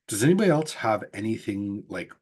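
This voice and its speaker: Low husky man presenting online. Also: big pitch swings, brisk, a little mellow. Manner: earnest, explanatory, some restarts. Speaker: workshop presenter. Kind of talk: online workshop talk. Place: video call.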